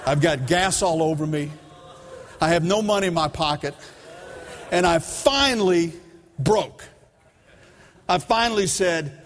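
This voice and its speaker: A man's voice: high voice, unhurried, long pauses, a bit bright, slight background noise. A middle-aged man preaching a sermon, telling a story and acting out his own side of the dialogue with emphasis. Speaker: pastor. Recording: long reverb of a large hall.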